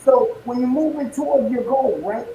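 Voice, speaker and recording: A man delivers a motivational pep talk and climbs from calm to fiery in the manner of a preacher. His tone is mellow and warm, recorded in a roomy, echoing space with a faint hum of noise behind him. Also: very high-pitched, moderate pace, lo-fi sound. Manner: builds from calm to fiery, preacher-like, rhetorical questions. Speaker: motivational speaker guest. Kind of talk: motivational speech.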